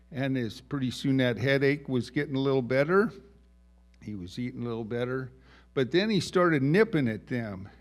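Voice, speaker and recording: A man telling a children's story in a slow, folksy way, asking the listeners questions and putting on small voices for the characters. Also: mid-range voice, gravelly.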